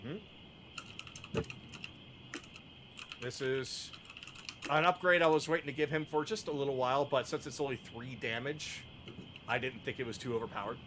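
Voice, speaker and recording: A man narrating a tabletop game as game master in a deliberate way. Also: mid-range voice, noisy background.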